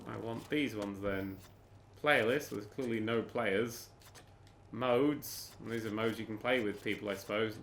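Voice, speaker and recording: A man's voice: medium pitch, bright, forceful tone, a little hiss or hum. A British man giving sarcastic, sweary commentary while playing a game, exasperated and ranting. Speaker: gaming YouTuber.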